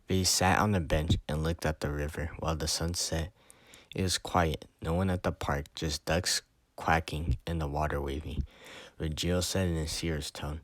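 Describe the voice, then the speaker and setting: A man with a very low voice reads his own story aloud. He reads plainly and earnestly, with a few stumbles. The sound is dry and close. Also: no room sound.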